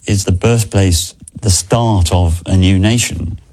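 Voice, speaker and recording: Brief: low, mellow British man, earnest interview clip. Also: slow pace. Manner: earnest, recounting a discovery. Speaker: archive volunteer.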